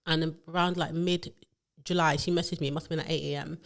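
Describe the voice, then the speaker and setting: A woman, co-hosting a casual podcast chat about work and telling stories with lively acted-out quotes. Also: sits low, fairly quick, creaky. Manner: animated storytelling, acts out quotes. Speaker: podcast co-host, HR professional.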